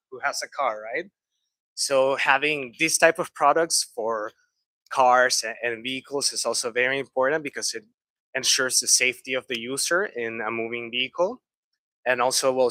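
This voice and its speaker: A man talks a training group through pediatric mobility products in a fluent, explanatory way, now and then turning lightly conversational. His voice is bright and forward, recorded close and dry. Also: mid-range voice, dry recording, rough recording. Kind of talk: presentation. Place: training room.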